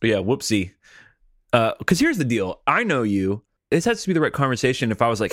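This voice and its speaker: A man's voice: medium pitch, sing-song, a little fast, a bit bright, no echo, studio quality. A man hosting a casual comedy podcast and telling rambling stories in a laid-back way. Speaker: podcast host.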